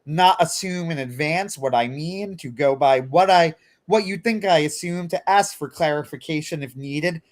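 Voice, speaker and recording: An anxious, scheming lawyer, as a man puts him on, a little high-voiced. He asks quick, worried questions, always looking for the catch. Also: close to an everyday voice.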